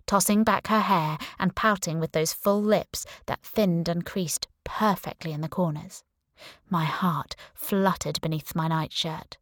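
A woman's voice: on the low side, measured pace, dry recording, clean studio sound. A woman reading a first-person audiobook in a wry, conversational storytelling manner. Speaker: audiobook narrator.

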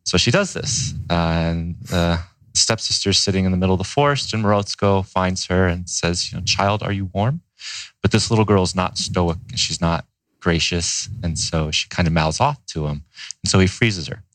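A man's voice: deep voice, normal speed, a bit bright, dry recording. A man, a guest on an interview, retelling a fairy tale in a laid-back way with frequent fillers. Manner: laid-back, many fillers, laughs easily. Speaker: guest, company co-founder. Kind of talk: casual storytelling in an interview.

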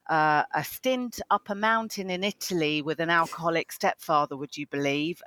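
A man's voice: fairly high pitch, sharp tone, clear, resonant tone, no echo. A man, a psychotherapist telling his life story in a chatty, self-deprecating way as an interview guest. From England. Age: 50s. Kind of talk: interview conversation.

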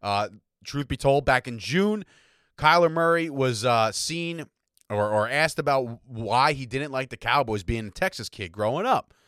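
Animated yet measured in pace, a medium-pitched man speaks with a fairly bright, clean tone, with no room sound and studio-clean audio. He hosts a fan sports podcast from his home attic room, ranting combatively, peppering his lines with "right?" and "okay?", and coughing slightly.

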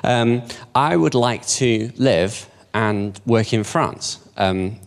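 A man's voice: medium pitch, takes it slowly, creaky. A man in his fifties giving an informal, conversational talk in a church, self-deprecating and asking the audience questions. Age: 50s. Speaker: church speaker.

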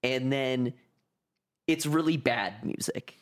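A man's voice: medium pitch, slow pace. A man with a Western New York accent, telling a story in casual podcast chat, full of filler words.

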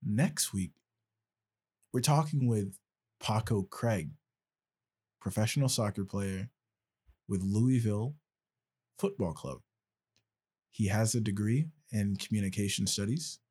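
A man's voice: lowish voice, slow, long pauses, darkish tone, breathy edge. A man hosting a podcast in casual chat, loose, joking and rambling. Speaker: podcast host.

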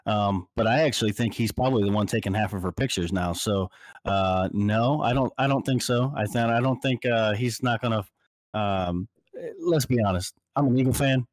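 A man on a sports panel show, talking casually and ranting in an exasperated, animated way. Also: on the low side, moderate pace, no echo.

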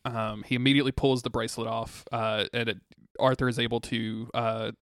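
A man's voice: mid-range voice, little pitch movement, fairly quick, fairly bright tone, no room sound, clean studio sound. A man co-hosting a podcast, recapping a TV episode in casual chat, laughing often and mock-quoting the characters.

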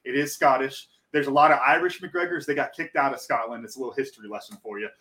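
A man's voice: medium pitch, fast talker, sharp tone. A man who coaches people on finding their purpose, talking earnestly and encouragingly as a podcast guest. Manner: earnest, encouraging, many fillers. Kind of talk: casual interview chat.

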